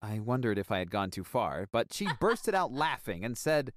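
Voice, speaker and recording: A man giving an expressive, scripted first-person narration for an animated story. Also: medium pitch, normal speed, no room sound.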